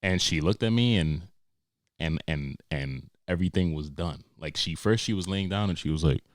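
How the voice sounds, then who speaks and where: Profane young New man, deep voice. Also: normal speed, no room sound, studio quality. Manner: profane, animated storytelling with sarcastic asides. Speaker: podcast host. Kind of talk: comedic monologue.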